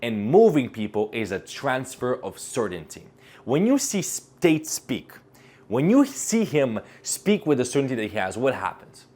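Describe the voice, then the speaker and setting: A male speaking coach giving an energetic motivational talk to camera, emphatic and full of rhetorical questions. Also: mid-range voice, moderate pace.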